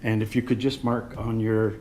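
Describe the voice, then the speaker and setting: A man, the mayor, chairing a council meeting in the chambers. He calls motions briskly and adds some light joking. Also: on the low side, little pitch movement, dark tone, slight background noise.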